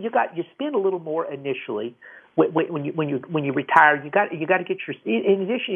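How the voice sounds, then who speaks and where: A man with a somewhat high, gravelly and husky voice hosts a call-in money advice radio show. He talks casually and rambles, stumbling over repeated restarts. The sound is thin and tinny, like a phone line.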